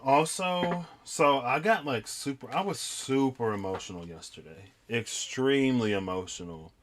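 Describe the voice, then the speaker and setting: A man's voice: mid-range voice, moderate pace, slight background noise. A young man reading tarot cards and chatting in a rambling, reflective way with many fillers. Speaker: tarot reader. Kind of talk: casual tarot reading vlog.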